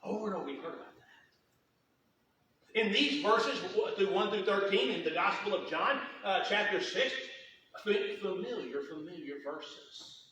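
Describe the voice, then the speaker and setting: A middle-aged man preaching a sermon, telling folksy stories with lots of repetition and quick humor. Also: high-pitched, lively intonation, pushed and bright, slight background noise. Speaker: pastor. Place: church sanctuary. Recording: roomy church hall, voice from a distance.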